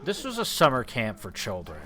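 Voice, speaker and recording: A man's voice: mid-range voice, brisk, a little hiss or hum. A man chatting casually while playing a video game, telling a rambling anecdote with restarts and swearing. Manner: excitable storyteller, many restarts and swearing. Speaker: let's play co-host.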